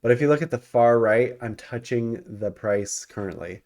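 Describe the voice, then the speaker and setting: With a medium-pitched, darkish voice at normal speed, a man hosts an investing channel, casually commenting on stocks over his screen. He keeps yawning and hiccuping, and his loose talk is packed with ums and self-corrections.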